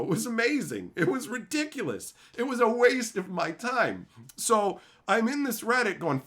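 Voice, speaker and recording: A man telling a profane, animated story in a casual rant on his video channel, laughing often. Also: high voice. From Canada. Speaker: YouTube host.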